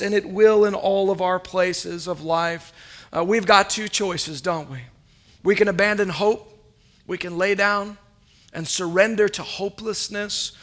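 A man with a high voice preaching from a church, his delivery rising and falling as he speaks to his congregation. He tells a story and asks the listeners questions as he builds to his point. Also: bright, forceful tone. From United States. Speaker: pastor. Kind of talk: sermon with storytelling.

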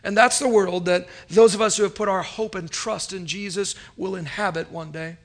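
High-voiced man preaching a sermon. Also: fairly even intonation, moderate pace. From United States. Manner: preacherly, rising and falling, asks the congregation questions. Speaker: pastor. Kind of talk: sermon with storytelling.

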